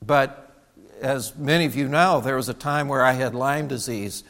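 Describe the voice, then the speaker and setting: A man's voice: medium pitch, moderate pace, a bit bright. A middle-aged man preaching a sermon as pastor, earnest and personal, often restarting his sentences. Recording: long hall reverb.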